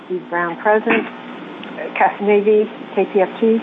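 Woman reading off names for roll call, brisk, phone line sound, lots of hiss. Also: mid-range voice, fairly even intonation. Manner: brisk, businesslike listing of names. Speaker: board secretary taking roll call.

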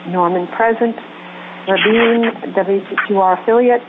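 A woman taking the roll call at a board meeting, reading names in a brisk, businesslike way. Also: mid-range voice, fairly even intonation. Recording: tinny phone line with hiss.

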